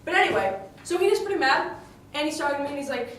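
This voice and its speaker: High-voiced woman in an echoey room. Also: big pitch swings, brisk, pauses often, a bit bright, slight background noise. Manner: chatty, indignant, full of fillers and restarts. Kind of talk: in-character monologue retelling a tragedy. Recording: echoey room, distant mic, faint ambience.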